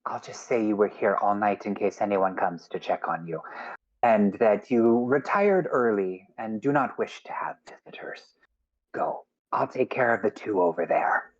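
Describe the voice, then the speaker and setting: Kindly, motherly old innkeeper woman, soft-spoken, put on by the game master. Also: on the low side, moderate pace, highs cut off, lightly acted. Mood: reassuring.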